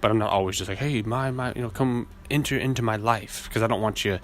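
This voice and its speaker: A man with a naturally low voice hosting a casual solo podcast, rambling and laid-back, swearing often. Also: fast. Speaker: podcast host. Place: outdoors in a city, weed whacker nearby.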